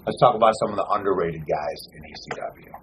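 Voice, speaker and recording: A man hosting a wrestling podcast in casual chat, cursing freely and talking with animated swings. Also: low-pitched, fast talker, noisy background. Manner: profane, animated, lists names in runs. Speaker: podcast host.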